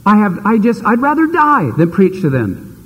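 A high, whiny, stubborn prophet, bitter and refusing to budge, as a preacher puts him on. His strained, husky voice rings out with a long hall echo behind it. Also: very animated, normal speed, a bit bright, muffled recording, heavily acted. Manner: whiny, defiant, pitch jumping up.

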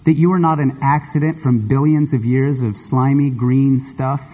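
A male preacher giving a sermon and telling a story in an expressive, conversational way. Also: medium pitch, moderate pace. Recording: long hall reverb.

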